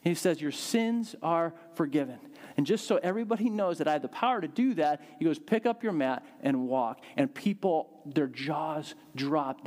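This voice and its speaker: A man preaching a sermon, telling a Bible story in a lively way and acting out the quotes with big swings in his voice. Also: fairly high pitch. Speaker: pastor.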